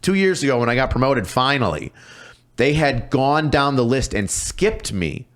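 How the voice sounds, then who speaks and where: A man, a police officer guest on a podcast, telling stories casually with lots of swearing and quick impressions of other people. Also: mid-range voice. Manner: profane, animated, mimics people in his stories. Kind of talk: casual storytelling.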